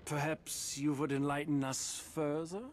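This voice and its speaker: An actor playing a sneering German villain. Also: male voice, a little high, flat delivery, a little slow, a little hiss or hum, natural voice. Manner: sneering, condescending. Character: smug German racing villain, arrogant man. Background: game music.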